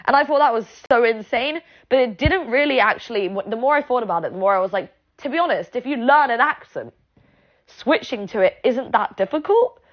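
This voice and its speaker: Woman, British accent, higher voice, sarcastic profane vlog rant, dull lo-fi audio. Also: lively intonation, fairly quick. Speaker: vlogger. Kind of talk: ranting monologue.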